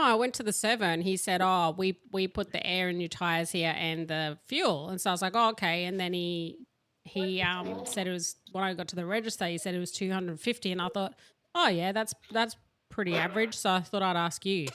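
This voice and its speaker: A woman's voice: on the low side, steady tone, a little fast, a bit bright, smooth. A young woman co-hosting a podcast in a chatty, playful way. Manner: chatty, playful, laughs often. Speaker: podcast co-host. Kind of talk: casual chat.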